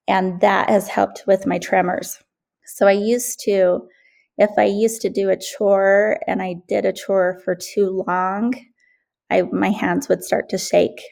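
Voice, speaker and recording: A woman from Utah speaking as a guest in a casual interview, candid and halting, with small laughs and running short of breath. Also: medium pitch, gravelly, darkish tone.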